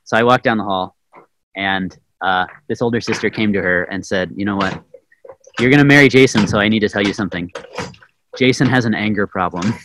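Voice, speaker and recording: A man teaching a Bible lesson through a personal story, animated and self-mocking with plenty of fillers. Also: fairly low pitch, brisk, slight background noise, poor audio. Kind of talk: storytelling sermon.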